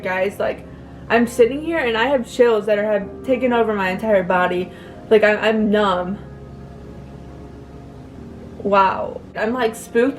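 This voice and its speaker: A young woman speaking to her viewers in a personal vlog, emotional and close to tears, halting with many fillers and restarts. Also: on the high side. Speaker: vlogger.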